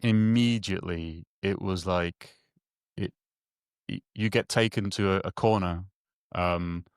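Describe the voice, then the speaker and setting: A man with a fairly low voice tells a personal story in a relaxed, conversational way. He keeps restarting his sentences and repeating words as he goes. The recording is dry and close, with no room sound. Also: clear, resonant tone, no echo. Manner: halting, many restarts and repeated words, acts out quoted dialogue. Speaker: guest telling a personal story.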